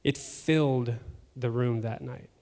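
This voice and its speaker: A man's voice: mid-range voice, fairly even intonation, mellow. Man giving an emotional church testimony. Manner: emotional, halting, with fillers and repeats. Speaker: church member sharing testimony. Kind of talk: personal testimony in a church service. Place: church sanctuary. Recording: long hall reverb.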